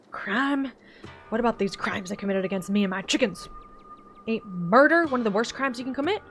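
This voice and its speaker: A woman voicing a stubborn, gruff old backwoods man with a put-on Southern accent in a voiced-over game, with folksy, grumbling speech. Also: on the high side, expressive, normal speed, soft background music. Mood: threatening. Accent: put-on generic Southern US.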